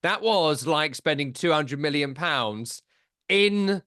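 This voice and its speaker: A man with a fairly high voice co-hosts a football podcast, chatting in a relaxed, teasing way. The sound is dry and close, with no room around it. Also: slow, no room sound. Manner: teasing, wry banter. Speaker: podcast co-host. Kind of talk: casual football chat.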